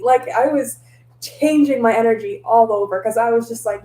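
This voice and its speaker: A woman telling stories in a casual vlog, animated and laughing often, slipping into voices for her own past lines. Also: a little high, moderate pace, reverberant, low-quality recording. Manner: laughs often, mixes in mild cursing. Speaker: tarot reader and vlogger.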